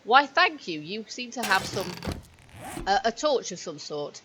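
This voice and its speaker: Lady chatting through a co-op game, lots of pitch swings, noisy background. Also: big pitch swings, measured pace. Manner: chatty, self-deprecating, laughs often. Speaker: let's-play host. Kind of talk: casual gaming chat. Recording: background noise.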